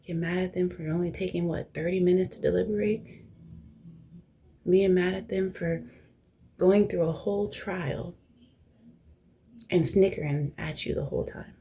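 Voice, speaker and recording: A woman's voice: fairly low pitch, fairly even intonation, moderate pace, long pauses, warm tone, breathy edge. A young woman host telling personal stories in a casual, blunt, profane way, often dropping to a near whisper. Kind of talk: casual storytelling chat.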